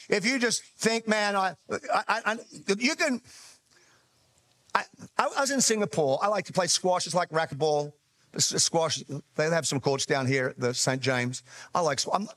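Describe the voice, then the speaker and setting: A man's voice: on the high side, fairly bright tone. A male pastor giving a sermon, telling stories with self-deprecating humor, restarting his sentences often.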